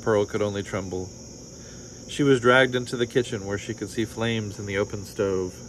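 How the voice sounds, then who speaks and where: Man calmly reading a storybook. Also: on the low side, moderate pace, noisy background. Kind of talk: reading a picture book aloud.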